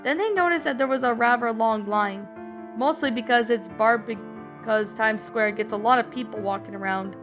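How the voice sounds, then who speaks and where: A woman reads a fan-made story aloud in a casual, slightly stumbling way, breaking in with her own reactions. Her voice sits a bit high, and faint background music runs underneath. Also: normal speed. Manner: casual reading with small slips. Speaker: story narrator and reviewer. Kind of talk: reading a fan story with commentary.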